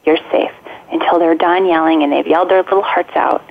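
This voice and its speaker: A woman who is an adoptive parent, a guest on a radio talk show, speaking gently and practically over a phone line. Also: fairly low pitch, fairly even intonation, quick pace, creaky. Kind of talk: casual radio interview. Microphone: phone call.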